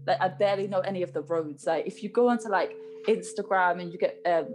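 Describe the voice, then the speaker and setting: A chatty woman, co-hosting a casual podcast and talking at an easy pace. Guitar music plays clearly behind her voice. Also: on the low side, quick pace. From Birmingham area, England. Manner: chatty, laughs often, many fillers. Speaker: podcast co-host. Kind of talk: casual chat.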